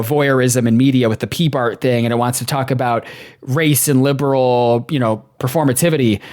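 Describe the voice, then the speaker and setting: Young male podcast co-host, mid-pitched, candid and rambling. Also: a little mellow. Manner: candid, rambling, quick to laugh. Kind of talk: casual film discussion.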